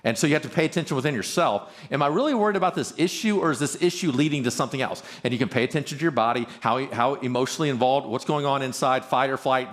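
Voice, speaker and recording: A man's voice: on the high side, fairly bright tone. A man speaking at a marriage conference, earnest and conversational, talking to a live audience with frequent restarts.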